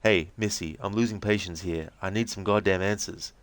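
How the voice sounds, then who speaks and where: A man voicing a gruff, impatient federal agent who talks bluntly and pushily, reading a game transcript aloud. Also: sits low, fairly even intonation, normal speed, dry recording. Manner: blunt, pushy, swearing.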